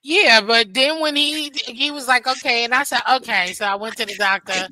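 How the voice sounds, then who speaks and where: A woman's voice: a little high, moderate pace, bright, forceful tone, no echo. A woman guest in a casual chat, telling a rambling story with many fillers.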